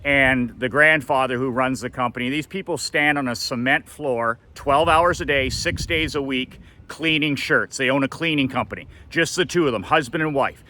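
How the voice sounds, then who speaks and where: A man's voice: medium pitch, moderate pace, hardly any pauses, sharp tone. A middle-aged man who coaches for a living, telling a personal story in a blunt, emphatic way and swearing freely. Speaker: motivational coach.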